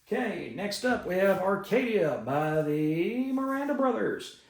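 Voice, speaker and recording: A man with a high-pitched, creaky voice gives a casual, enthusiastic comic book review, recapping stories with fillers. He talks a little slowly, with big pitch swings. The recording has a roomy echo.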